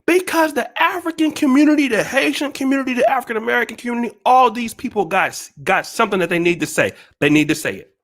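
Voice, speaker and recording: A man's voice: extremely high pitch, expressive, quick pace, a bit bright. A man hosting his own channel, ranting at viewers in an emphatic, profane, repetitive, preachy way. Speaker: channel host.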